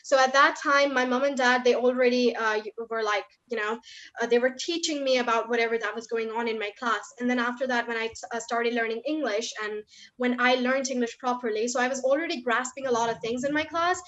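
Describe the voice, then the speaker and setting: A young woman speaking as a guest in an online question session, chatty and quick, with many fillers. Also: on the high side, steady tone, a bit bright. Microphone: video call. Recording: dull lo-fi online call audio.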